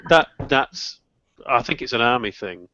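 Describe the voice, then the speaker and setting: Lively teasing man, bright voice. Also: medium pitch, unhurried, a little hiss or hum. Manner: teasing, lively, does mock voices of friends. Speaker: panel member. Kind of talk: casual live chat. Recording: dull lo-fi live stream audio.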